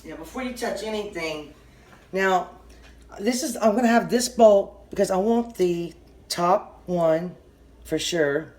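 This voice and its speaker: A middle-aged woman with a Southern US drawl walks through a homemade recipe in a casual kitchen demonstration. She rambles, trails off and starts her sentences over. Her voice sits at an ordinary middle pitch. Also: darkish tone. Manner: rambling, halting, often restarts sentences. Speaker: home cooking channel host.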